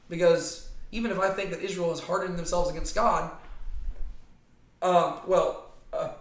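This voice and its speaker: A man's voice: sits high, fairly bright tone. A man teaching a casual Bible study to a small group, talking conversationally and often checking in with "right?". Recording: echoey room.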